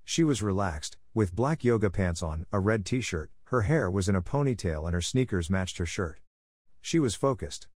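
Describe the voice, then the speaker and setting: A man calmly narrating a first-person story in a plainspoken, unhurried way. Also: deep voice, no room sound, studio quality. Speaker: audiobook narrator.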